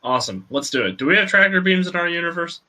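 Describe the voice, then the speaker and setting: A man's voice: a little high, lively intonation, quick pace, bright, forceful tone. A man playing in a tabletop game, bantering and joking in a laid-back way. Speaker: player. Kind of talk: casual tabletop game chat.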